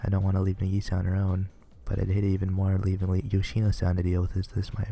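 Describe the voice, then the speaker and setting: Deep, gravelly man reading a visual novel. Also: monotone, fast talker, dark tone. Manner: plain, earnest reading with small stumbles. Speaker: reader playing a visual novel.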